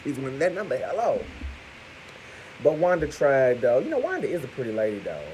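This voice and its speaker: A man giving crude, profane gossip commentary to his viewers, talking to them as "y'all" and punctuating points with loud exclamations. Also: medium pitch, fairly quick, a little hiss or hum, poor audio. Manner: animated, crude, keeps calling out "Hello!". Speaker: vlogger.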